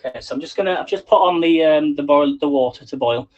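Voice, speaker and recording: A man's voice: fairly high pitch, fast, muffled recording, noisy background. A man hosting a casual live cooking stream from his home kitchen, chatting and rambling to viewers while he cooks. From England. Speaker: livestream cooking host. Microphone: phone on a selfie stick.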